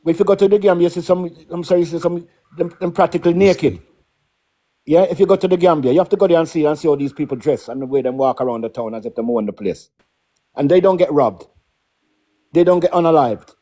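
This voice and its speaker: A man's voice: fairly high pitch, fast talker, dark tone. A middle-aged man with a Caribbean accent, talking emphatically as a guest on a casual live stream, often checking in with "yeah?" and "right?".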